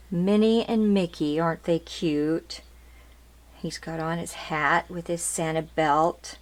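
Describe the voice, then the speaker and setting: Woman, middle-aged, unhurried, slightly low voice, casual show-and-tell vlog host. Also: a little hiss or hum. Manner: chatty, repeats details, asks "aren't they cute?". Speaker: craft channel host showing ribbons.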